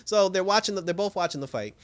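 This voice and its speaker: A TV show reviewer with a high-pitched, clean-toned voice speaks quickly as he recaps an episode. He's animated and rambling, laughing often, acting out the characters' lines, and full of restarts and fillers.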